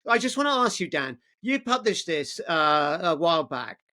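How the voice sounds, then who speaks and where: A man's voice: fairly high pitch, very animated, normal speed, bright, forceful tone. A man hosting a discussion, summarizing the points and wrapping up, often repeating words as he starts. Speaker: host. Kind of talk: casual discussion.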